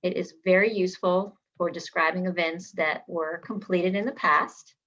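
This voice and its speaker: A woman teaching a Spanish lesson, drilling verb endings slowly and clearly for learners to repeat. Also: lowish voice, fairly even intonation, fairly bright tone. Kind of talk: language lesson. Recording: slightly dull lo-fi sound.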